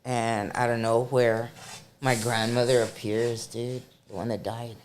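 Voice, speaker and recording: A middle-aged woman, a podcast guest, telling a dramatic story in a casual, animated way. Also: extremely low pitch, a little slow, a little hiss or hum.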